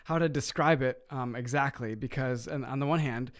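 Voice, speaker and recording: A man's voice: medium pitch, normal speed. A man, an associate pastor, talking in upbeat casual chat and laughing easily.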